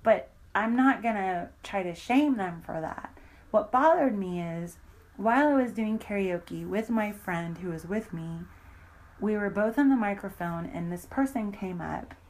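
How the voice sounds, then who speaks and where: A woman's voice: medium pitch, a little mellow, poor audio. A woman in an interview, bluntly recounting a personal story with heavy profanity and indignant emphasis.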